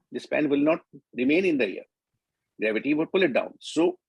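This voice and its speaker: Older Indian man, husky, emphatic. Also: medium pitch, darkish tone, dry recording, rough recording. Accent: Indian English. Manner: explanatory, emphatic. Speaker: doctor speaking on a panel. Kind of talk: conference talk.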